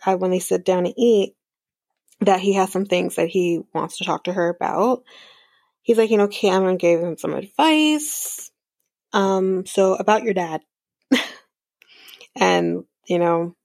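A woman's voice: on the low side, creaky, darkish tone, dry recording, clean studio sound. A woman hosting a podcast, recapping a reality show in a chatty, rambling way with lots of fillers. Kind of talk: casual recap chat.

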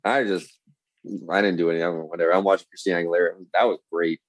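A man's voice: sits low, steady tone, fast, dry recording, low-quality recording. A man in his thirties telling rambling, profane stories in a casual chat, often correcting himself. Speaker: guest.

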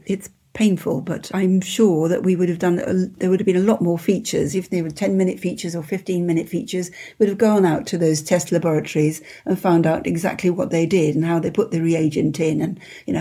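A woman in her seventies from England, an interview guest, speaking in a soft-spoken, measured and modest way. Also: fairly low pitch, fairly even intonation, breathy edge. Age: 70s. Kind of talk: conversational interview.

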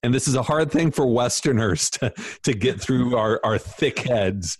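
A man being interviewed as an author, talking casually in an animated, emphatic, self-deprecating way. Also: medium pitch, a little slow, slightly rough, dry recording, studio quality. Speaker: author guest.

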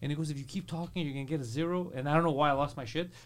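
A man co-hosting a casual podcast chat, telling brash, animated school stories and swearing freely. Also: fairly high pitch, racing. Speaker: podcast co-host.

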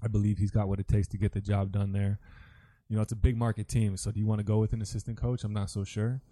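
Deep-toned man, dark and flat. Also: fast. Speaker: former basketball player, co-host. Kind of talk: casual sports talk.

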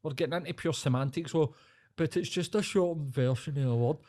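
A man's voice: fairly high pitch, brisk, darkish tone. Sweary Glaswegian man in banter. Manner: sweary, emphatic, riled-up banter. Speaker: podcast co-host. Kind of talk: casual chat.

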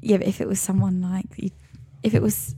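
A young woman co-hosting a podcast, chatting and giggling in an agreeable, animated way. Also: mid-range voice, brisk, husky. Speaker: podcast co-host. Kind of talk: casual chat.

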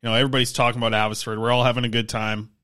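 Tired guy rambling about hockey on a podcast, mid pitched voice. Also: very fast, smooth. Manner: rambling, animated hockey talk. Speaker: podcast co-host. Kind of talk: casual sports podcast chat.

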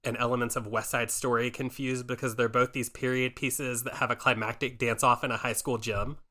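A man hosting a chatty podcast, his voice bright and forward. He gropes for words, with many restarts and fillers. His middle pitch stays easygoing. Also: level tone, a little fast. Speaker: podcast host. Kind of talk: casual chat.

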